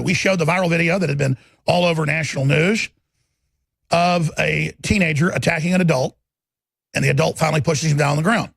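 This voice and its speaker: A man hosting a political talk show, combative and rambling in his monologue, with a gravelly, husky voice. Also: fairly high pitch, fairly bright tone, no room sound.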